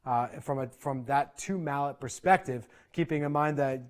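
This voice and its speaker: A man teaching percussion in an online clinic, explaining in a relaxed conversational way and often checking in with "right?". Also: mid-range voice, moderate pace. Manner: conversational, frequent "right?" check-ins and fillers. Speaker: percussion instructor.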